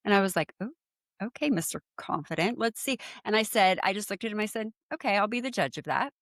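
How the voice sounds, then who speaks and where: A San Diego woman in her forties tells a personal story in a relaxed podcast chat as a guest, speaking fast in a middle-range voice that sounds close and dry, with no echo. She's animated, acts out quotes with sudden leaps in pitch, and talks loosely with many fillers.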